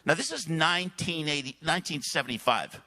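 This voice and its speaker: A man speaking at a church service, telling a long story with lively asides and frequent throat clearing. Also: on the high side, fairly quick. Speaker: guest speaker. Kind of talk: sermon storytelling.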